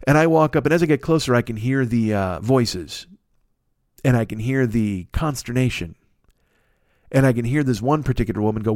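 A man hosting a podcast, telling a long comic anecdote in a casual, profane, animated way into a close mic. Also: mid-range voice, normal speed, no echo. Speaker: podcast host. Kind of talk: casual comedic storytelling.

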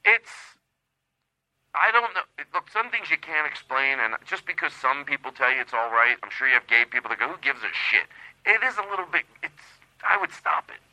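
A man's voice: on the high side, animated, fairly quick, bright, forceful tone, no room sound, poor audio. A male comedian on a podcast, giving hesitant, mock-earnest advice. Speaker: comedian guest.

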